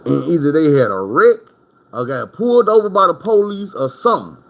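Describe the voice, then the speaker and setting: Telling prison stories in a relaxed storytime monologue, a man from Arkansas rambles and swears, often turning aside to address the listener. His voice is on the high side, sing-song and creaky, and he talks fairly quickly.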